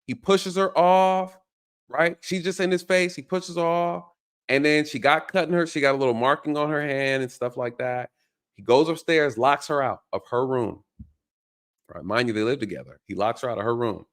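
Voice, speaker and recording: Brief: ex-cop host, animated casual storyteller, mid-pitched man. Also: normal speed. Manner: animated, acts out voices, addresses viewers. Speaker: host, former police officer.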